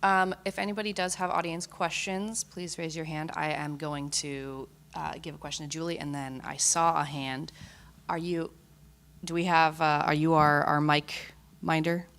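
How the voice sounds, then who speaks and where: A woman moderating a convention panel, taking audience questions in a casual, halting way with lots of ums. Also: low-pitched, fairly even intonation, fairly bright tone.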